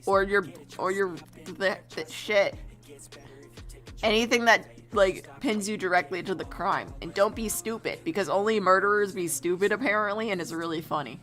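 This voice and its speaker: A woman's voice: medium pitch, moderate pace, a bit bright, faint music behind. A young woman chatting casually while she draws on stream, rambling, giggling and swearing offhand. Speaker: streamer drawing a storyboard. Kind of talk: casual chat while drawing.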